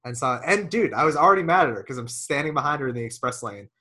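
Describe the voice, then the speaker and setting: A man's voice: medium pitch, expressive, fast talker, pushed and bright, breathy edge. A man in his thirties, co-hosting a casual podcast, telling profane rambling stories full of "dude". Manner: profane, ranting storyteller, lots of "dude". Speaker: podcast co-host.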